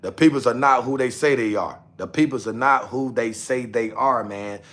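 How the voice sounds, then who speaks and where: A young man talks casually on a livestream, speaking straight to his viewers. He repeats the same lines over and over, coaxing and nagging them. His voice sits at an ordinary middle pitch. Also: moderate pace, fairly bright tone. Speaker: livestream host.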